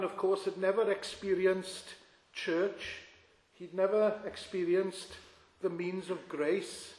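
A man preaching a sermon in an earnest, measured way, pausing with fillers. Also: high-pitched. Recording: echoey hall.

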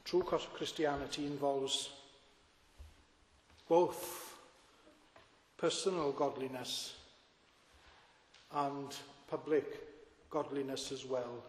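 A man's voice: mid-range voice, steady tone, slow pace, pauses often. A man preaching a sermon as pastor, earnest and full of rhetorical questions to his congregation. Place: church. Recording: echoey church with long reverb.

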